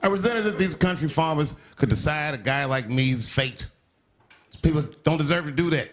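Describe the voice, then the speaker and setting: A male stand-up comedian doing a monologue. He swings between deadpan and sharp outbursts. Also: on the high side, normal speed. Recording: TV broadcast with live audience laughter. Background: studio audience laughing.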